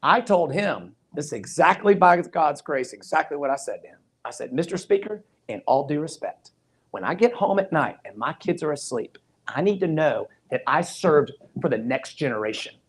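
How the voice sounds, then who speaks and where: A man's voice: on the high side, animated, moderate pace, slightly rough. A man giving an earnest campaign stump speech. He retells past conversations in quoted dialogue and drives his points home with repeated phrases. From Georgia, USA. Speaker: political candidate.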